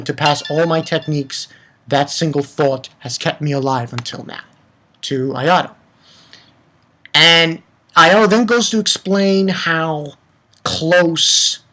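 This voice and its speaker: A young man giving a casual, excited manga chapter review, rambling and swearing freely. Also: a little high.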